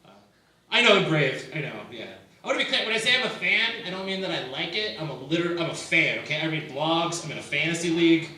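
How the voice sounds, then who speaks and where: A young man's stand-up set comes across as casual and self-mocking, loaded with "like" and "you know," before a live audience at a small venue. His slightly high voice is expressive, quick, pushed and bright, heard through heavy reverb on a distant mic.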